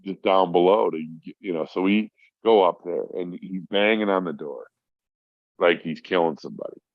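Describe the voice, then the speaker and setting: Middle-aged male podcast guest, deep voice, rambling war-story teller, swears freely, dry lo-fi sound. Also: normal speed, no room sound. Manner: profane, rambling, acts out voices in his stories. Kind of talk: casual storytelling. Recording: dry, dull lo-fi audio.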